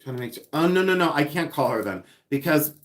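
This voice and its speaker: A man with a fairly high, bright voice talks fast and animatedly while hosting a casual live stream as a seller, unboxing items. He's chatty and giggly, reading viewer comments aloud and repeating words for fun.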